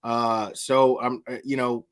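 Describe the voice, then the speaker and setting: A man's voice: medium pitch, flat delivery, takes it slowly. A man hosting a livestream in casual chat, rambling and chatty, often restarting his sentences. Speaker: livestream host.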